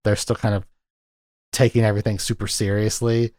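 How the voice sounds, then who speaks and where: A podcast co-host with a fairly low, darkish voice talks a little fast with level intonation. In a casual film chat he rambles and retells scenes with lots of fillers, recorded dry at studio quality.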